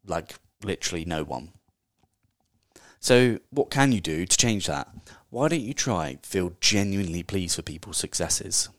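A man's voice: low voice, expressive, measured pace, fairly bright tone, no room sound, studio quality. A man hosting a casual solo podcast, talking in a chatty, candid way and swearing offhandedly. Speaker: podcast host.

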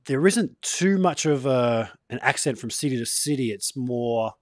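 A man from Australia with an Australian accent, hosting a casual interview in a relaxed, chatty way. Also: medium pitch, a little slow, no echo, clean studio sound. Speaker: interview host.

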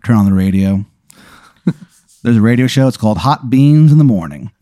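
A man's voice: medium pitch, expressive, moderate pace, mellow, no room sound. Chatty man narrating a role-play, dry. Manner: chatty, laughs often, many fillers. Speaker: game master.

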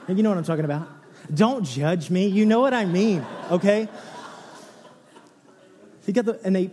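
A pastor in his thirties preaches a sermon as an animated storyteller, his voice a little high for a man. He swings from low, hushed passages to bursts of excited near-shouting, with long reverb like a large church hall.

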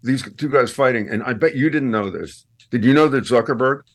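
A man appearing as a guest on a radio show, chatting casually and telling stories with lively swings up in pitch for punchlines. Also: brisk. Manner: animated storyteller, swings high for punchlines. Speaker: guest, podcast host.

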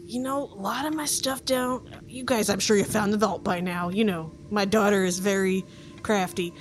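A woman's voice: medium pitch, steady tone, normal speed, a little hiss or hum, natural voice. A woman voicing a scatterbrained male djinn father, flustered and rambling, over background music.

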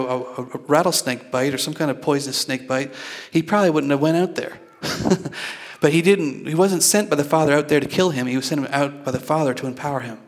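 A male pastor with a slightly high voice preaching a sermon in church. He talks conversationally, stumbles over repeated words and keeps asking the congregation to respond.

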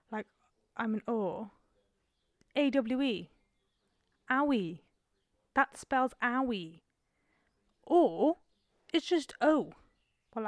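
A twenty-something woman co-hosting a podcast tells a rambling, self-mocking story in casual chat from home, in a room with the door open and traffic outside. Her voice is fairly high, and the recording is dry and studio quality.

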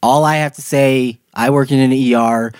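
A man's voice: medium pitch, fairly even intonation, moderate pace, darkish tone, smooth, dry recording, studio quality. A man hosting a podcast, reading idiom meanings from his notes in casual chat and laughing often. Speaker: podcast host.

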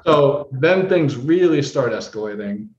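A male guest tells his story in an animated way, switching into the voices of the people he quotes. The room rings around him. The sound is dull and lo-fi. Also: medium pitch, a little slow, reverberant. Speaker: guest, holistic practitioner. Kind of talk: casual storytelling.

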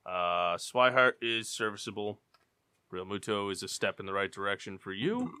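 A man's voice: lowish voice, animated, moderate pace, bright, forceful tone, clear, resonant tone, dry recording. A man hosting a casual group podcast, teasing the others in a mock-official way. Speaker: podcast host acting as commissioner.

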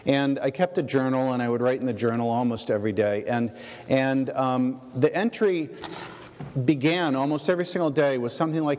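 A man giving a shared sermon as pastor, reflective and halting, with many fillers and restarts. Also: medium pitch, a little mellow, in a large hall.

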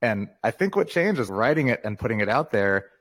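A man's voice: medium pitch, big pitch swings, a little fast, a bit bright, no echo. A man in his fifties, a guest author in a casual interview, talking candidly and reflectively and laughing often.

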